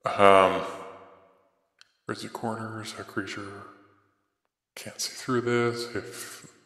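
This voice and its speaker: Slow-talking male game master. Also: on the low side, fairly even intonation, fairly bright tone, reverberant, in a large hall. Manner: unhurried, slow narration with fillers. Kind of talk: narrating a tabletop game.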